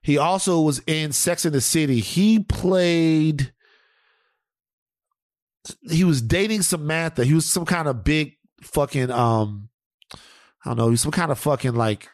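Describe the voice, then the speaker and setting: A man's voice: a little high, unhurried, long pauses, no room sound, studio quality. A man hosting a podcast, telling profane stories in casual chat. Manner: animated, profane storytelling. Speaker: podcast host.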